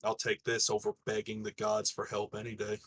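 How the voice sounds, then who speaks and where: A man speaking in character at a tabletop game, blunt and rough with swearing. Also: on the low side, monotone, brisk, fairly bright tone. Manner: blunt, swearing rebel talk. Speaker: player. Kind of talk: in-character tabletop role-play.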